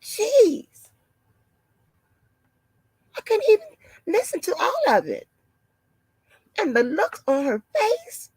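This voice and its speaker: A woman doing a mocking impression of a shocked, over-concerned woman, gasping and breathy with drawn-out alarmed phrases. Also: extremely high pitch, wildly swooping pitch, a little mellow, dry recording, pitched above the performer's own voice, exaggerated voice. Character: shocked, fretful high-voiced woman, overly concerned.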